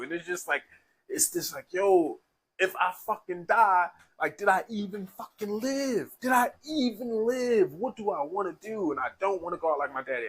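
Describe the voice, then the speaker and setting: A man's voice: mid-range voice, bright, forceful tone, husky, low-quality recording. A man in casual, slangy conversation, telling an emotional personal story through tears, with many restarts. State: tearful. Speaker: speaker sharing his life story.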